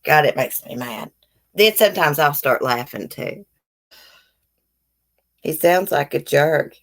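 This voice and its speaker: A woman's voice: low voice, a little slow, vocal fry, long pauses, a bit bright. A woman from the American South with a Southern accent, hosting a casual live stream, chatting frankly and bluntly with her viewers as she reads their comments. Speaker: YouTube live stream host.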